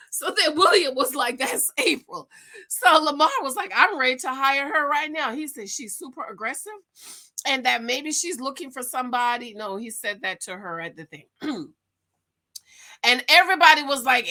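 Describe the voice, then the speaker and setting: A woman casually recapping a reality dating show to her viewers, animated and gossipy, calling them "girl". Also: a little high, moderate pace.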